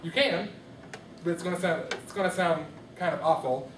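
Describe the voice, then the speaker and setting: A man teaching a music class in a classroom, steadily questioning the students and prompting their replies. His voice sits a little high. The recording comes from a distance, with the roomy echo of the classroom and a faint hum of ambience behind him. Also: normal speed. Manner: questioning, coaxing students to answer. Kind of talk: classroom microteaching lesson. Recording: echoey classroom from far off.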